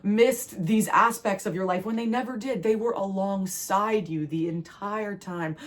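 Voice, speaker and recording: A woman from New Jersey, a tarot reader, giving a spiritual channeled message in an earnest, rambling, emotional way. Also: mid-range voice. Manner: earnest, rambling, emotional delivery in quick bursts.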